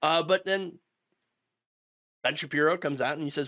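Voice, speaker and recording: A man's voice: a little high, moderate pace, long pauses, bright, forceful tone. A middle-aged man ranting through political commentary, sarcastic and mocking, sometimes putting on the voices of his opponents.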